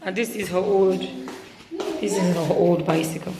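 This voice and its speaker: A woman's voice: fairly low pitch, fairly even intonation, moderate pace. A young Nigerian woman vlogging a casual tour of a village house, talking with a Nigerian accent, mixing Igbo and English and exclaiming often.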